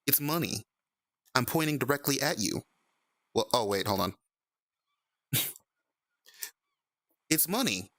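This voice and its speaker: A young man hangs out on a VR stream and talks casually with his chat, animated and quick to laugh. His voice has a gravelly fry at mid pitch. The sound is dry and close, with no room around it. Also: no room sound. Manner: animated, laughs often, playful.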